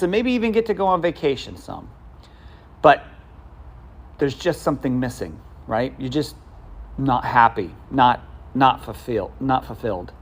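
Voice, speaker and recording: A man preaching a sermon in a conversational way, with asides, restarts and questions to the congregation. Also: medium pitch. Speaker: pastor.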